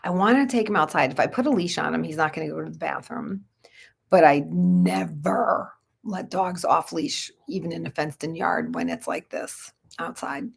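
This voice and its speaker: A woman with a low, gravelly and slightly husky voice chats away on a home livestream at night. She keeps breaking off to coo to her dogs in a soft, fond baby talk. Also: animated, moderate pace. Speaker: Reiki practitioner. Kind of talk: casual livestream chat.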